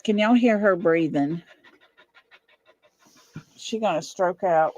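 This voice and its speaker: Slow-talking middle-aged woman chatting live from home. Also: on the low side, darkish tone, no room sound, lo-fi sound. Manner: chatty, laughs often, fusses over her dog. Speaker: livestream host. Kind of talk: casual livestream chat. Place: at home, indoors.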